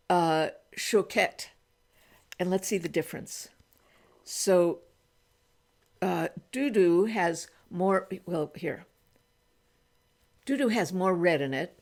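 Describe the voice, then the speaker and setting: A woman's voice: fairly low pitch, darkish tone. A woman in her eighties chatting casually while trying on makeup in a small room at home, thinking aloud and restarting her sentences. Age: 80s. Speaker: beauty vlogger. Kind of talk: casual makeup try-on vlog.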